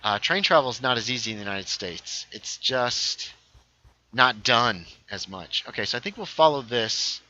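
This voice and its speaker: A man's voice: medium pitch, animated, normal speed, pushed and bright, no room sound, dull audio. A man hosting a casual gaming livestream, thinking aloud as he builds and reading viewer chat aloud. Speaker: livestream host.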